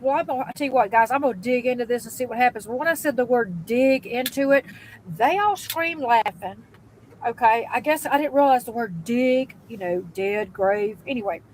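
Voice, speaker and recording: A woman who works in sales, telling a story casually and acting out each person's lines with quick voice changes and blunt swearing. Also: sits high, low-quality recording. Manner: animated, acts out dialogue with quick voice changes.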